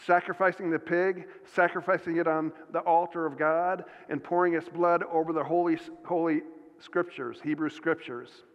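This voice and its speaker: An earnest male pastor preaches a sermon, often restarting his sentences and leaning on "uh" and "um" as he goes. His voice sits a bit high for a man. It rings with long reverb through a church hall, and the recording sounds muffled and dull. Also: steady tone, moderate pace.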